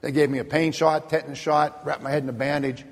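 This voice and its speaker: Gravelly man telling a testimony in a hall. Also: fairly high pitch, level tone, fast talker. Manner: earnest, plainspoken, repeats words when moved. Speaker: speaker telling a personal testimony. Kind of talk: personal testimony storytelling.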